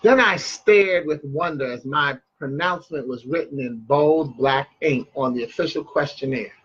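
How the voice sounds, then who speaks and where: A man's voice: on the high side, normal speed, a bit bright, muffled recording, a little hiss or hum. A man hosting a broadcast, reading a story aloud with chatty asides and stumbling restarts. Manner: chatty, loses his place and restarts.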